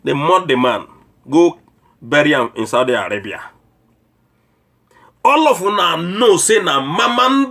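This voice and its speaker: A man's voice: fairly high pitch, pushed and bright. Scolding Nigerian Pidgin-speaking man. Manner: preachy, scolding, mocks with rhetorical questions. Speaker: online commentator. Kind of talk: political rant.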